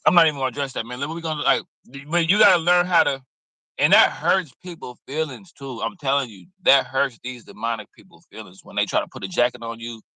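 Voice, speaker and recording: A man's voice: medium pitch, quick pace, sharp tone, no room sound, rough recording. A man giving blunt, preachy, streetwise commentary in a casual reaction video, cursing freely. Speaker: commentary host.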